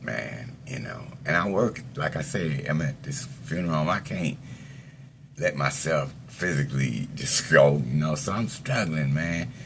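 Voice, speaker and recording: A middle-aged man with a very low, gravelly voice tells his story in loose, profane street talk. He rambles with plenty of fillers and slips small laughs between phrases. Faint noise sits under the voice. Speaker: storyteller recounting his past. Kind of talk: casual personal storytelling.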